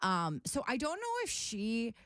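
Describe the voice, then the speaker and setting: A woman's voice: on the high side, huge pitch swings, measured pace, fairly bright tone, no room sound, studio quality. A woman co-hosting a podcast, telling stories in a chatty way with small laughs. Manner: chatty storyteller, laughs between phrases. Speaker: podcast co-host. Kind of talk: casual chat.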